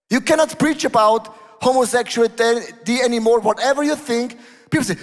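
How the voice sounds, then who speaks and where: A man preaching a sermon as pastor in a church hall, emphatic, dropping his voice low and then rising to loud exclamations. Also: normal speed. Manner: emphatic, switching between lowered tones and raised exclamations. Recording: long hall reverb.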